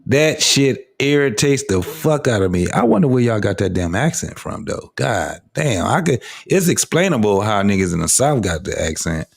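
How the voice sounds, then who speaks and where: Podcast co-host casting: gruff man with a low voice, blunt and profane reaction commentary. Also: sing-song, normal speed, few pauses. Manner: blunt, cussing, ranting. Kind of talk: profane commentary over a clip.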